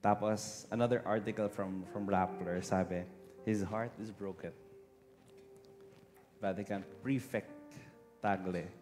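A Filipino man with a low voice preaches to a congregation, earnest and touched with emotion. His words ring through a large hall with long reverb. Soft instrumental music plays faintly behind him. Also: fairly even intonation, unhurried, long pauses. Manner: switches between English and Tagalog, emotional and earnest. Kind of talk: sermon.

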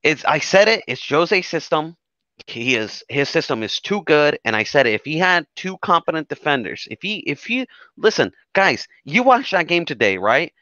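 A man talking as a fan co-host, animated and swearing, always asking whether you follow him. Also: a little high, moderate pace, no echo. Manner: animated, swearing, keeps asking 'you know what I mean'. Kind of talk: casual football rant. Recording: dry lo-fi audio.

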